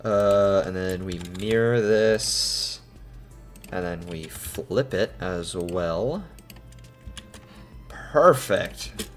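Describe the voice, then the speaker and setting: Man, slow drawl, streamer editing video, rambling self-talk, sudden loud outbursts, faint background music. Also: low voice. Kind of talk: casual live-stream commentary while video editing.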